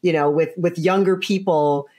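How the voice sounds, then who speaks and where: A woman in her sixties hosts an interview conversation, thinking aloud with many fillers. Her voice sits a little low for a woman. She sounds thoughtful and unhurried. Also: steady tone, darkish tone. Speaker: host.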